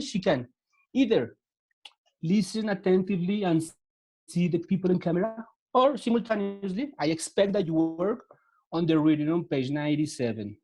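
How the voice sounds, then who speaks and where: Over a video call, a man from Latin America teaches an online class in English with a Spanish accent. His voice is high-pitched and a little mellow, and he is patient, repeating words and guiding students through each step.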